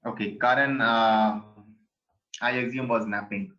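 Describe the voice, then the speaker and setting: A man teaching an online class in a relaxed, conversational way, with many fillers and repeated words. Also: mid-range voice, a little slow. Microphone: video call. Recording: dull lo-fi video call audio.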